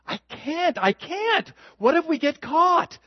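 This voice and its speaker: A man doing a squeaky nervous teen girl. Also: big pitch swings, takes it slowly, dry recording, lo-fi sound, full character voice. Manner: squeaky and anxious. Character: nervous teenage girl on a date.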